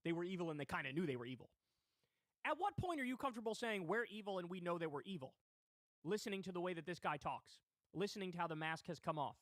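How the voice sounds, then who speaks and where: A man's voice: high-pitched, big pitch swings, quick pace, fairly bright tone, no echo, clean studio sound. A man hosting a political commentary livestream, talking in a heated, indignant way with swearing. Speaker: livestream host.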